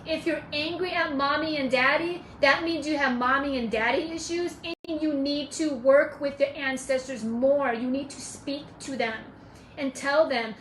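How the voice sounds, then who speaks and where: A woman's voice: high-pitched, steady tone, a little slow, a bit bright, echoey room, slight background noise, poor audio. A woman giving casual spiritual advice on a live stream, emphatic and preachy, repeating her points. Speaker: spiritual teacher.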